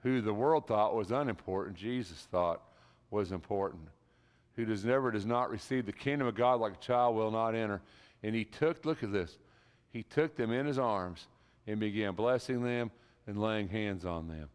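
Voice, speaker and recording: A man's voice: on the low side, normal speed, clean tone. A man preaching a sermon in a church, talking with emphasis and building to impassioned peaks. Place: church sanctuary. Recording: reverberant church hall.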